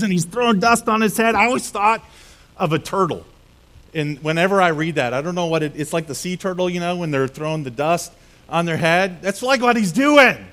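A male pastor preaching a sermon, telling a Bible story in a lively way and acting out the characters' voices. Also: high voice, normal speed. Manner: animated storytelling with acted-out voices.

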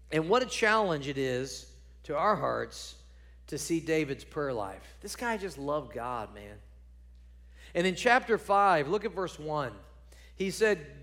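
A man preaching a sermon, building to loud emphatic peaks and dropping to quiet, low points. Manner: drops to low quiet tones on key points.

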